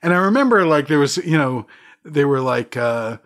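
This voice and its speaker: A man as a guest, telling stories in an animated conversational way, laughing often. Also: fairly high pitch, moderate pace. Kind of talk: conversational storytelling.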